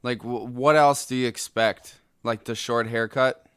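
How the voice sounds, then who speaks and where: A young man hosts a solo podcast in an angry, exasperated rant, his voice jumping into loud outbursts. He talks slowly with a smooth, clear tone, recorded dry and close on the mic. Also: mid-range voice, steady tone, dry recording. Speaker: podcast host.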